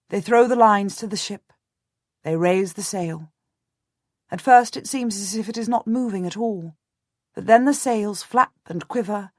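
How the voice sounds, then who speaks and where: A woman narrating a historical novel in the first person, measured and restrained, on a close studio mic. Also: mid-range voice, dry recording. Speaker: audiobook narrator.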